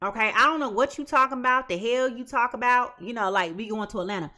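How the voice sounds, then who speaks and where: Woman doing a careless slangy partner, dismissive, quick, loud, bright edgy tone. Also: a little high. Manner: brushing off, fast slangy talk.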